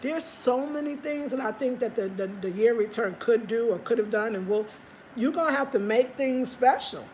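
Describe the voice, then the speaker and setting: Chatty woman with a fairly high voice. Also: normal speed, a little mellow, a little hiss or hum. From United States. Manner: chatty, rambling, emphatic. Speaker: vlogger. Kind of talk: casual chat.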